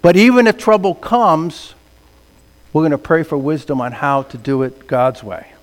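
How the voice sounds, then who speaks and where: A man preaching a sermon as pastor, swinging between quiet remarks and loud emphatic passages. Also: a little high, moderate pace. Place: church sanctuary. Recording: long reverb of a large hall.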